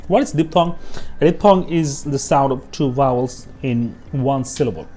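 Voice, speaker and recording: With faint music behind him, a man with a dark, medium-pitched voice teaches English pronunciation slowly. He doubles up each example word, checks in with "okay?" frequently, and stops every so often to cough.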